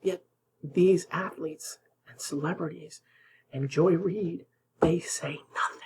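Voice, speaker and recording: A man's voice: fairly high pitch, steady tone, takes it slowly, darkish tone, a little hiss or hum, poor audio. A man hosting political commentary, reacting indignantly to news clips, sometimes dropping to a whisper for emphasis.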